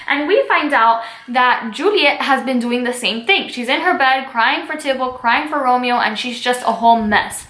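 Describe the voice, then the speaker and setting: A woman's voice: on the high side, moderate pace, sharp tone. A woman literature teacher explaining a play in a chatty, casual way and paraphrasing it in slang. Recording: echoey room.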